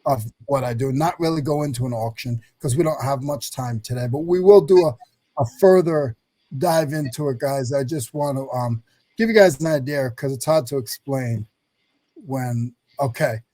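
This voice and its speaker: A man from North Carolina, a reseller, walking viewers through a website in a rambling, hurried screen-share chat. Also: mid-range voice, warm tone, no room sound. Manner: rambling, fast, self-correcting. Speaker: reseller sharing his screen on a live stream. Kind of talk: casual screen-share walkthrough.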